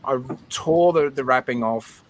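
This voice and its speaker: A man's voice: medium pitch, measured pace, a little hiss or hum, poor audio. A middle-aged Australian man on a video call, telling a nostalgic, emotional story in a chatty way with lots of fillers. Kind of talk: casual storytelling.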